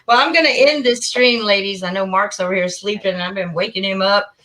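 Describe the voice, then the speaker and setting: Bright-voiced effusive woman hosting a livestream. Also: medium pitch, fairly quick, poor audio. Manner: effusive, laughs often. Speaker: host. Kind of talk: casual livestream chat.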